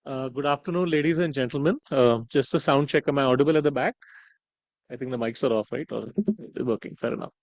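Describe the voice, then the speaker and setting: A man's voice: mid-range voice, fast talker, gravelly, no room sound, low-quality recording. A man giving a conference keynote, conversational, with frequent "right?" tags and "uh" fillers. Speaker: conference speaker. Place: conference hall.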